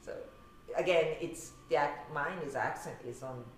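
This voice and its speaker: A woman's voice: low voice, moderate pace, a little hiss or hum. A young woman from Osaka with a Japanese accent, teaching pronunciation in a casual lesson and laughing often. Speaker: language teacher. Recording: very echoey room.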